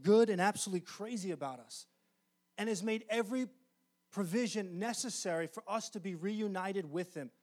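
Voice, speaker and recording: A male pastor with a high voice preaches a sermon earnestly and emphatically. He often slows down to stress key phrases.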